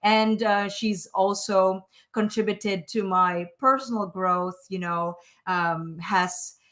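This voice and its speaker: A woman's voice: medium pitch, steady tone, slow, fairly bright tone. A woman, hosting a live online show in an effusive, emotional way with many fillers. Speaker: host.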